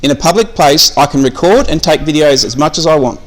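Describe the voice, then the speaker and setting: A little hiss or hum runs under the voice of an Australian man arguing with police in a station reception area while filming them on his phone. His voice is a little high and fairly quick, and he is a member of the public who keeps pressing the officers with repeated questions in this confrontational exchange.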